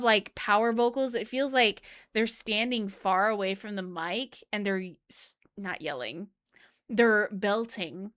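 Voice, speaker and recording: A woman's voice: mid-range voice, fairly bright tone, clear, resonant tone, no room sound, studio quality. Chatty woman reacting to music. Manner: chatty and enthusiastic, hums out rhythms. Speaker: music reaction YouTuber and flutist. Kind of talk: casual music reaction commentary. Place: at home. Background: faint music playing.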